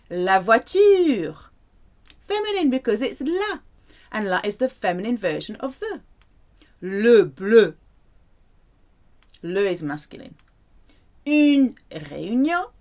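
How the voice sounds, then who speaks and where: A woman teaching a French lesson in a playful way, saying the French words slowly and clearly. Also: a little high, darkish tone. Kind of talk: language lesson to camera.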